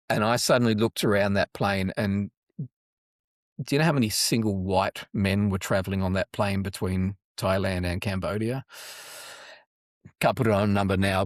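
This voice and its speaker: Middle-aged Australian man, lowish voice, rambling interview storyteller with many restarts. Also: no room sound, clean studio sound. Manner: rambling, many restarts, animated when quoting. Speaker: guest, anti-trafficking charity worker.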